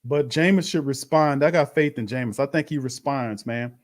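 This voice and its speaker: A man's voice: mid-range voice, normal speed. A man hosting a live-stream watch party, commenting bluntly on a loss and calling his viewers fam. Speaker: sports show host.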